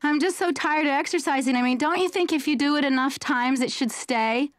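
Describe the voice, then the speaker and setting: A woman with a high voice rattles through a self-mocking stand-up routine, full of rhetorical asides to her listener. She is recorded close and dry, with no room around her. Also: brisk, no echo. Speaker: comedian playing a patient. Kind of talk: stand-up comedy monologue.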